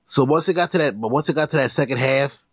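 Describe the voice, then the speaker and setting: A man's voice: medium pitch, fast, breathy edge, no room sound. A man co-hosting a casual movie review chat, talking in a laid-back, plainspoken way over a dull lo-fi line. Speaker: co-host.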